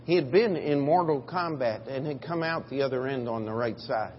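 A man's voice: mid-range voice, moderate pace, a little hiss or hum. Preacher man in an echoing hall. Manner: storytelling, swings from quiet to loud. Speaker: pastor. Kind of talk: sermon. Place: church sanctuary. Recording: dull audio in a reverberant hall.

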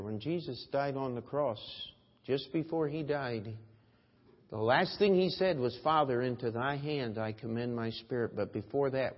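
Husky preaching pastor, man, in a reverberant church. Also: medium pitch. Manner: preaching with swings from quiet to loud emphasis. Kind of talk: sermon. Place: church sanctuary. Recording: dull reverberant church audio.

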